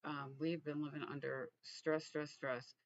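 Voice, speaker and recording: A man from Texas, vlogging in a reflective, halting way with frequent restarts. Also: fairly high pitch, little pitch movement, no echo, lo-fi sound. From Texas, USA. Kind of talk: casual personal vlog.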